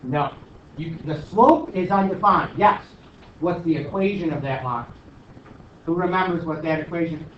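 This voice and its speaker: A man's voice: fairly high pitch, moderate pace, recorded from a distance, slight background noise. Teasing male math teacher, roomy classroom. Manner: joking, teasing stickler. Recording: roomy, dull, from across the room.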